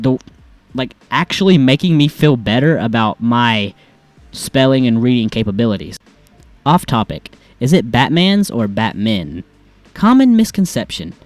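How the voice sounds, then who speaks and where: A man of middle pitch riffs on funny posts in a loose, rambling way, mocking himself and tripping over his words. His voice sounds close and dry, with faint music playing underneath. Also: no room sound. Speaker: reaction video host. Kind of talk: casual commentary reading posts aloud.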